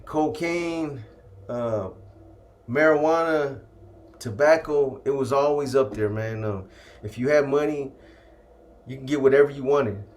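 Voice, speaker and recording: A man telling stories from his past in a casual, laid-back way, dropping slang and ending lines with "man". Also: mid-range voice. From California. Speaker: storyteller recounting his past. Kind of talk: casual first-person storytelling.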